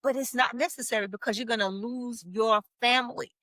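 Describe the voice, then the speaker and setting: A woman's voice: fairly high pitch, fairly even intonation, a little fast, bright, forceful tone, no echo. A woman talking as a marriage coach on a podcast, explaining earnestly. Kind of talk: podcast conversation.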